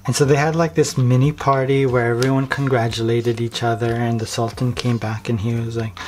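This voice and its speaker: A man's voice: mid-range voice, little pitch movement, brisk, few pauses, a little mellow, a little hiss or hum. A man vlogger telling a story in casual, comic, slangy rambling. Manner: slangy, rambling, full of likes.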